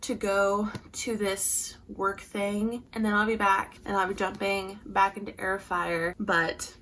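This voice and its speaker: A woman's voice: mid-range voice, level tone, takes it slowly, fairly bright tone, reverberant, a little hiss or hum. A woman vlogging casually about a book she is reading, chatty and gushing, often saying "like". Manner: gushing and chatty, frequent "like" fillers. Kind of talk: casual reading vlog chat.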